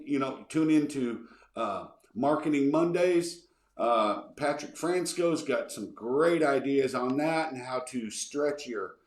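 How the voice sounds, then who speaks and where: An energetic man hosts a podcast and answers listener questions off the cuff. He rambles, repeats words and keeps checking in with the listener. His mid-pitched voice rings in a noticeably echoey room. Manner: energetic, repeats words, says okay a lot. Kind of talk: casual rambling Q&A.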